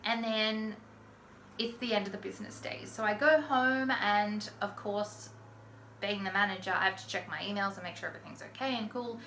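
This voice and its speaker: A woman's voice: mid-range voice, normal speed, pushed and bright, slight background noise. An Australian woman chatting casually through a personal story, with lots of "like" fillers. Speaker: vlogger telling a personal story. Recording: echoey room. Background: lawn mower faintly outside.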